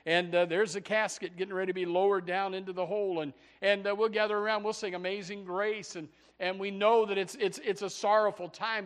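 A man preaching a fiery sermon, swinging from loud shouts to hushed low passages, often stammering and repeating words. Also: little pitch movement, fairly quick, hardly any pauses, clean tone. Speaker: pastor.

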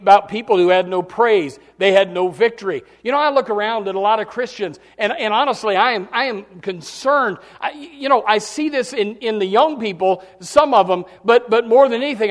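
A male pastor preaching a sermon, dropping to quiet pleading and rising to loud shouts, often repeating words as he goes. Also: sits high.

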